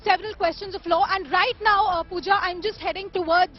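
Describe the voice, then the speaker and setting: A very high-voiced woman delivers a live news report outdoors, pausing often with fillers as she gathers her words. The audio sounds dull and lo-fi, like a broadcast feed. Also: fairly even intonation, soft background music. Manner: hesitant, many fillers. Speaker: field reporter. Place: outdoors at a court.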